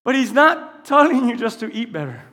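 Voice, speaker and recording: A male pastor preaching a sermon in a church, asking the congregation questions and swinging between quiet teaching and loud, impassioned passages. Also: extremely high pitch, sing-song, moderate pace. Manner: asks the congregation call-and-response questions. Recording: long hall reverb.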